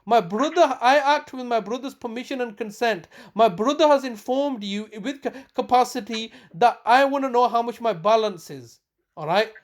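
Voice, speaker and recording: A woman's voice: a little high, moderate pace. An agitated woman, insistently accusing an official during a recorded phone call, often repeating and restarting her sentences. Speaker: family member confronting a council official.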